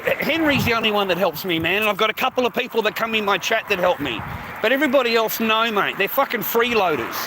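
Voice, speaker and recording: An Australian man livestreaming outdoors, rambling to his viewers, swearing heavily and calling everyone mate. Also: sits high. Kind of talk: casual livestream chat to viewers. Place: outdoors on a street. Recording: outdoor street noise, passing traffic.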